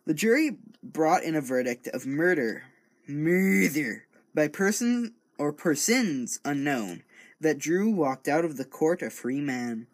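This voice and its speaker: A man's voice: a little high, expressive, slow pace. Rambling man reading a true-crime story. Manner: stumbling, self-correcting, rambling. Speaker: true-crime reader and commentator. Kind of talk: casual reading aloud with jokey asides. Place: home recording studio.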